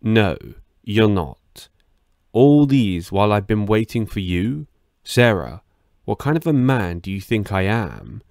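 A man voicing a threatening, mocking young man with a low, gravelly voice. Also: very animated, takes it slowly, darkish tone, no echo, clean studio sound, full character voice. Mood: menacing. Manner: mocking, through gritted teeth. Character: menacing controlling young man, quietly threatening.

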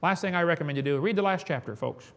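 A man's voice: fairly high pitch, fast. A man preaching a sermon, telling folksy stories with chuckles.

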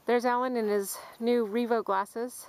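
A panting woman narrates her hike on camera along a forest and dune trail, chatting and calling out to her dogs. Her fairly high voice keeps a measured pace. The handheld camcorder mic gives a rough recording with steady background noise.

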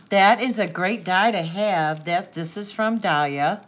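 Opening happy mail off camera, a crafting channel host chats with viewers in a lowish, somewhat bright voice, speaking slowly and pausing often. She's tearful and sniffling, gasping and laughing with delight.

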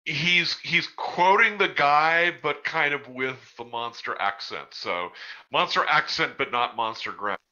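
A male player at a tabletop game, quick and wry. His voice is very bright and swings widely in pitch, heard through dull, lo-fi audio. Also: animated.

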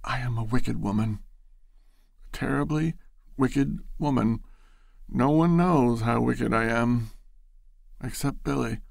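A man's voice: mid-range voice, slow pace, gravelly, pauses often, no echo, clean studio sound, pitched above the performer's own voice. A man reading a storybook aloud, voicing a distraught, tearful young woman who sobs and pleads. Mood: pleading. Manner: sobbing, pleading.

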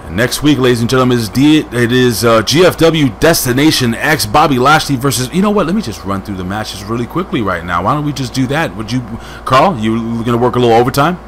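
Casual male wrestling reviewer, jokey and rambling, mid pitch, faint hiss behind. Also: brisk. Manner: rambling, jokey, lively asides. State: hyped on coffee.

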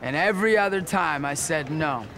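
A man's voice: fairly high pitch, animated, normal speed, gravelly, sharp tone, soft background music. A man who works as a street minister tells his own story, bluntly and ramblingly, repeating himself as he goes. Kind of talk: personal testimony interview.

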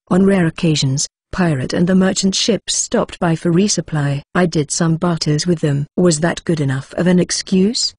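A narrator reads a first-person fantasy novel in a plain, even way, pausing now and then for short personal asides. The voice is breathy and husky, recorded close and dry at a middling pitch. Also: no room sound. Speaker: audiobook narrator.

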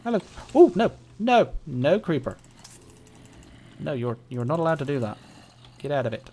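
A man's voice: a little high, sing-song, moderate pace, mellow. A man giving casual let's-play commentary, playfully chatting to in-game monsters, giggling and letting out yelps. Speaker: gameplay commentator.

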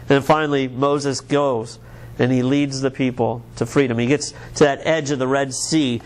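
A man's voice: medium pitch, fairly even intonation, moderate pace. A man from the United States, a pastor preaching a sermon in an earnest, conversational way, often restarting his words.

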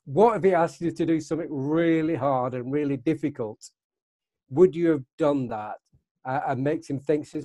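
Man, fairly high voice, halting chatty guest, dry close sound. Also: dark tone, no room sound. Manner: hesitant, many fillers and restarts. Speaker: guest in a church discussion. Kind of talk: casual chat.

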